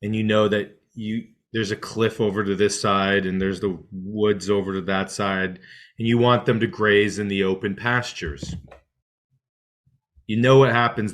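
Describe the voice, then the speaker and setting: A man teaching a meditation lesson through an extended metaphor, animated and acting out inner thoughts, often checking in with "right?". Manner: animated, acts out inner voices with rising pitch.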